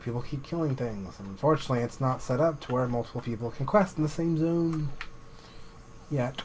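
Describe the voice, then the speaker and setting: A man streaming a video game, chatting and joking with viewers in a relaxed, self-mocking way. His voice has an ordinary middle pitch, with a faint hum of background noise behind him. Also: moderate pace, rough recording. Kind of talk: casual gameplay commentary.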